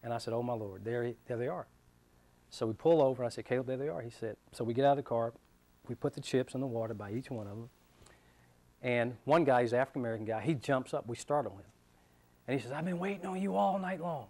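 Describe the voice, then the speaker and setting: A middle-aged man speaks to an audience as an animated storyteller. He slips into the voices of his son and his wife as he recounts a personal story, with a voice of ordinary, middling pitch for a man. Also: fast talker. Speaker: business leader giving a talk.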